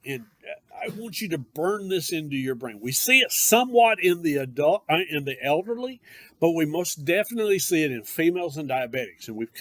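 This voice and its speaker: A man gives a classroom lecture to paramedic students in a somewhat high voice. He speaks emphatically and conversationally, talking straight to his students. The sound is dry, with no room echo. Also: a bit bright. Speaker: paramedic course instructor.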